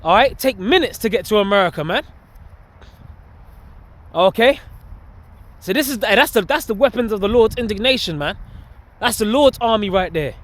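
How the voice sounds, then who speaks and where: A man preaching casually and emphatically while on a walk outdoors, with slang and frequent laughs. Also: sits high. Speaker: street preacher vlogging. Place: outdoors on a walk among greenery.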